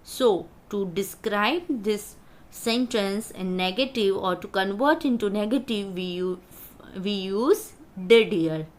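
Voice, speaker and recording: A woman teaches grammar to young students. She talks at an unhurried pace and spells out key words letter by letter. Her pitch sits in an ordinary middle range. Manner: slow, deliberate explaining, spells out words. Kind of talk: grammar lesson for schoolchildren.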